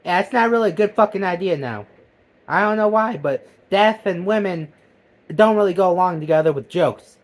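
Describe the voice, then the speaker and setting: A man delivering a profane, heated comedic rant that swings between loud outbursts and low mutters. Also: normal speed. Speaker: vlogger. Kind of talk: comedic ranting monologue.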